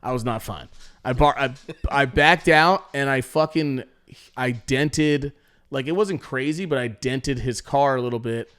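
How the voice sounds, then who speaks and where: A man's voice: mid-range voice, a little slow, fairly bright tone, clean tone. A young man hosting a podcast, telling stories in a rambling, profane way, with many restarts and acted-out quotes. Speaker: podcast host. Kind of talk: casual storytelling chat.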